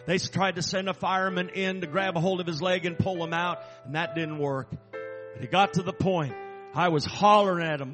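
A man who is an assistant chaplain, telling a personal story in an earnest, halting and emphatic way. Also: high-pitched, fairly even intonation, long reverb tail, over music.

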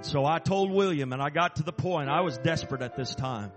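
A man's voice: a little high, big-room sound, over music. Earnest man telling a rescue story. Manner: earnest, halting, emphatic. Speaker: assistant chaplain. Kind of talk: personal storytelling.

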